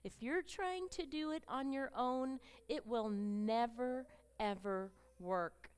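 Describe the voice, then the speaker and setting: A middle-aged woman preaching a personal testimony to a room of women. Her voice sits a little high and comes across smooth and clear. She swings between quiet, tender storytelling and loud, fervent declarations. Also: slow pace. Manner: emotional storytelling, rising to fervent exclamations. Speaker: speaker at a women's gathering. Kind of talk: testimony sermon.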